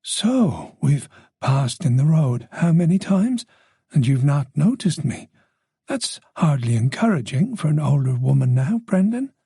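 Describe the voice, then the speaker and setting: A man's voice: a little high, very animated, measured pace, gravelly, dark tone, breathy edge, no room sound, clean studio sound, heavily acted. A man voicing a chatty, nosy older village woman with a faint Dublin Irish accent. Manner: gossipy, nosy, playful.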